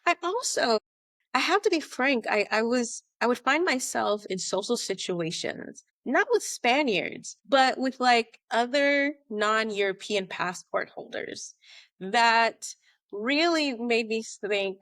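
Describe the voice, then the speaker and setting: An American woman telling her story as a podcast guest, animated and conversational, acting out remembered dialogue. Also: fairly high pitch, slow pace, no room sound, clean studio sound. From United States. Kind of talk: conversational interview.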